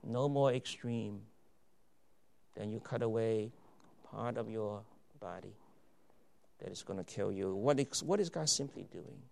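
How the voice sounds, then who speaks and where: Gravelly-voiced male preacher. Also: lowish voice, measured pace, pauses often, slight background noise. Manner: emphatic preaching, swinging from loud declarations to quiet asides. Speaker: pastor. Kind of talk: sermon.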